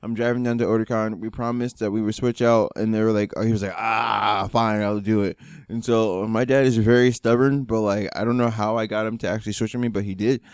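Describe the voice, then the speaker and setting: A young man co-hosting a podcast, telling a road trip story with lively acted-out quotes. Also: on the low side, fast, few pauses, clear, resonant tone, dry recording, studio quality. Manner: animated storyteller, acts out quotes. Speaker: podcast co-host. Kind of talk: casual chat.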